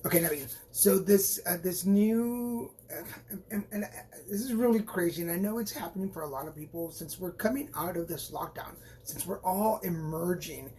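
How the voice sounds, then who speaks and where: Casual live-stream tarot reader, mid-pitched, rambling and encouraging, with playful asides. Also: moderate pace, warm tone, slight background noise. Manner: chatty and rambling, with frequent restarts and playful asides; encouraging and reassuring toward viewers.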